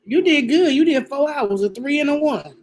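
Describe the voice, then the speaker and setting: A woman's voice: high-pitched, animated, normal speed, darkish tone. A woman hosting a casual livestream, chatting and greeting viewers by name one by one. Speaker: livestream host.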